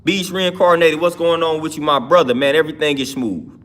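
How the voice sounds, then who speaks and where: Bright high-voiced man chatting on stream. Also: fairly even intonation, brisk. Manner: loose, conversational, often restarting and laughing. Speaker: livestream host. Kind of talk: casual livestream talk answering chat.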